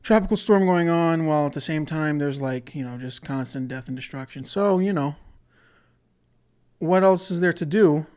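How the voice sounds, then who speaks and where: A man's voice: on the high side, moderate pace, a little mellow, smooth. Rambling, profane comedy-podcast man. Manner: rambling, profane, self-interrupting. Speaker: podcast host. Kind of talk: casual solo comedy podcast.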